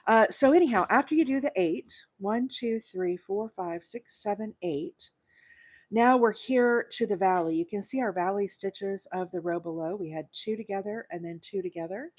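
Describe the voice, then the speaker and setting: A woman's voice: mid-range voice, fairly quick, hardly any pauses, darkish tone. Brief: woman host from Alabama, live crochet demo, chatty and patient, mid-range voice. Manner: friendly, greets viewers by name while counting stitches.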